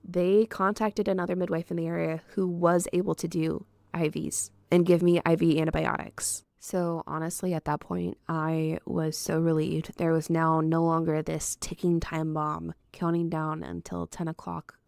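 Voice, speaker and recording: A young woman, a doula and childbirth educator, tells her own birth story on her podcast in an earnest, heartfelt, emphatic way. Her voice is fairly low and gravelly, and the recording is dry.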